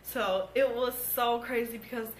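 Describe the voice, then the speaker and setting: A young woman telling a casual storytime on her vlog, animated and swearing freely. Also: fairly high pitch, measured pace, a little hiss or hum. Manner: animated, swears freely, acts out quoted voices. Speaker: vlogger. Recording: echoey room.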